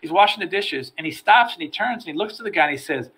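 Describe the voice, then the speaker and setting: A middle-aged man, a former federal agent, telling stories from his career as a podcast guest, animated and repeating words as he starts his sentences. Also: high-pitched, fast, slightly rough. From United States. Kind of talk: storytelling in a podcast interview.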